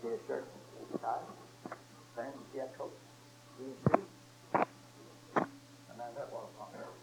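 A man in his seventies preaching a sermon in a folksy, joking way, telling stories and building up to loud exhortation. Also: medium pitch, slow pace, vocal fry, heavy background noise. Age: 70s.

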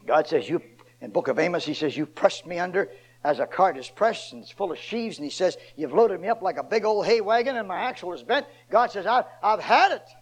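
An older man preaching a sermon, originally from Ohio, swinging from loud emphatic lines to low quiet asides. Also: husky, rough recording. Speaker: pastor.

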